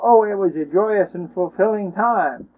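Measured in pace and high-pitched, this man narrates a story with drama and emotion, frequently beginning with "oh" or "well." The audio has a tinny, phone-line quality.

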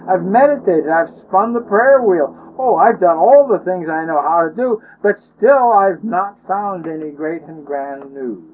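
A man's voice: high-pitched, pitched above the performer's own voice. A man voicing a pleading, despairing young male seeker who talks in anguish. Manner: anguished, wailing. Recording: tinny phone-line sound.

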